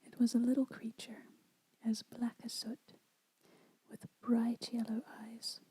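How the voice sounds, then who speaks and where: A woman whispering a children's story aloud as an ASMR storyteller, soft and unhurried. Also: fairly high pitch, monotone, husky, poor audio.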